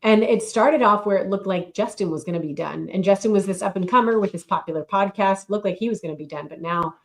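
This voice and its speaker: A middle-aged woman co-hosting a casual chat podcast, talking in a measured, matter-of-fact way. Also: mid-range voice. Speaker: podcast co-host and novelist.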